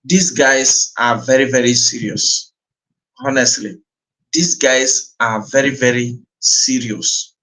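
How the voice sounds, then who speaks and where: A man's voice: medium pitch, steady tone, slow, bright, forceful tone, low-quality recording. A man with a Nigerian accent commenting on a clip in an earnest way, repeating himself and slipping in Igbo. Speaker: livestream host.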